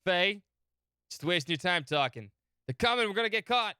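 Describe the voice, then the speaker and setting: A brash young sky pirate with a high, bright, sharp voice, as a man puts him on, scornful and impatient. He taunts and hurries everyone along, his voice raised well above a normal speaking pitch. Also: expressive, normal speed, clean tone, dry recording, clean studio sound. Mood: urgent. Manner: taunting, exasperated.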